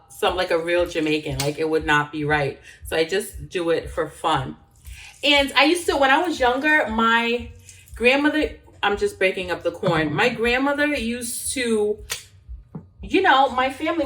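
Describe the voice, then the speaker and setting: A woman talks casually while she cooks in a home kitchen. She rambles, with lots of fillers and restarts. Her voice is mid-pitched and sounds a little distant from the microphone. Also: fairly bright tone, slight background noise. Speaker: cooking vlogger. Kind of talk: casual chat while cooking.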